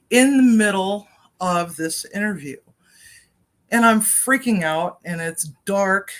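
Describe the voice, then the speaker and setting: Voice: medium pitch, a bit bright. A cooking vlogger talks straight into a laptop webcam in a home kitchen. The story wanders off on tangents, loose and chatty. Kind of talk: casual personal update vlog.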